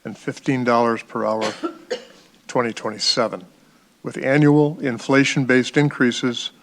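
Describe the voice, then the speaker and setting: A man's voice: medium pitch, steady tone, unhurried. A man chairing a public board meeting, reading formal text aloud and addressing speakers courteously.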